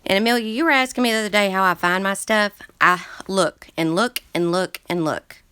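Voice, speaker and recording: A woman's voice: medium pitch, a little fast, pushed and bright, smooth, no room sound. A woman hosting a casual craft livestream from her book-filled craft room. She talks in a chatty, scattered way and greets viewers as she reads their chats aloud. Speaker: crafting channel host. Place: craft room full of books.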